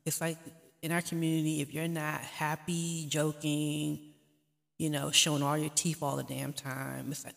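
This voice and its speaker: In an echoey room with long reverb, a woman hosting a vlog gives casual, heartfelt, faith-based encouragement straight to camera, earnest and pleading. She has a low, gravelly voice, delivered flatly at a moderate pace.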